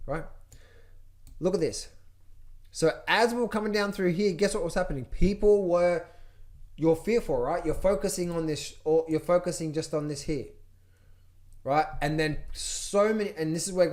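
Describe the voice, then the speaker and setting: A man's voice: on the high side, darkish tone. A man coaching traders through charts, talking to viewers with energy and lots of repetition, sometimes mimicking panicked traders. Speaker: trading coach. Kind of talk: chart walkthrough, direct to viewers.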